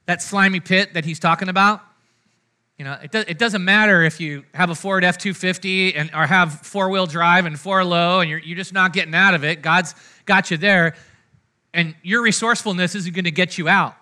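A man preaching a sermon in a casual, conversational way, often checking in with the congregation and moving between loud, energetic lines and hushed ones. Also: sits high, normal speed. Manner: conversational preaching, frequent "right?" and "amen?" asides to the congregation. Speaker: pastor.

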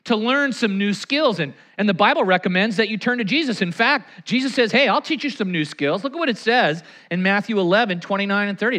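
Lively, bright-voiced male pastor. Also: high voice. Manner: animated, acts out anecdotes and quotes; leads the congregation in call-and-response. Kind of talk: sermon.

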